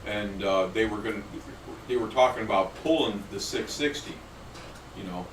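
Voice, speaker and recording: A man's voice: moderate pace, far from the mic, a little hiss or hum. A man co-hosting a casual talk show, telling jokes and acting out voices in them. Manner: tells jokes and acts out high-pitched voices. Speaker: podcast co-host. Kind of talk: casual chat. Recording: echoey room, off-mic, faint ambience.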